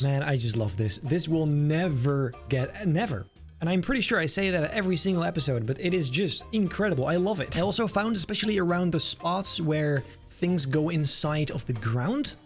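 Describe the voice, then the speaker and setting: A man giving casual, enthusiastic gameplay commentary, chatting and thinking aloud as he builds. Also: fairly high pitch. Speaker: game video creator.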